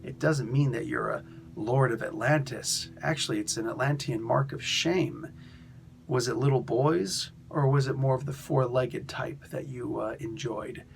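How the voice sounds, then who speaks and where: A man voicing a scornful sorcerer who taunts a rival, in a low mocking tone. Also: measured pace, vocal fry, a little hiss or hum.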